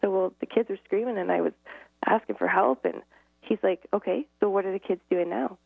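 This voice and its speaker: Telling stories earnestly as a guest in a casual interview, a middle-aged woman acts out dialogue and laughs often. Her creaky, mid-range voice moves a little fast through dry, tinny phone-line audio.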